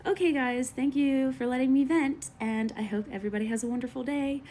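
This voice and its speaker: An American woman in her thirties venting earnestly to her viewers in a personal vlog, halting and emotional. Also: high voice, steady tone, mellow, slight background noise. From United States. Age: 30s. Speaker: vlogger.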